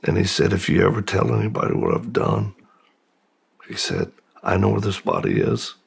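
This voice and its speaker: A middle-aged man telling a personal story as a podcast guest, slow and halting, with pauses and restarts. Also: deep voice, wildly swooping pitch. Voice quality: gravelly, husky. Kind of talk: personal testimony in a long-form interview.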